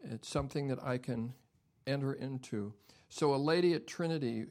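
An older man preaching a sermon as pastor, dropping to soft near-whispers and then building to loud, emphatic preaching. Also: mid-range voice, normal speed.

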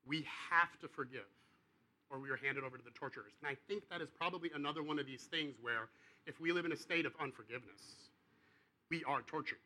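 A man delivers a sermon in a relaxed, chatty way, voicing the characters in his story as he goes. His voice sits a little high for a man and has a very bright, sharp edge. He swings from quiet asides to loud outbursts. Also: fast, poor audio. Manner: casual, conversational preaching with acted-out dialogue. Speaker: pastor.

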